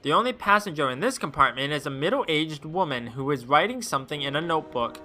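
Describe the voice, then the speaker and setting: A man streaming, reading a game's text aloud and adding wry, deadpan asides. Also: fairly high pitch, fast talker.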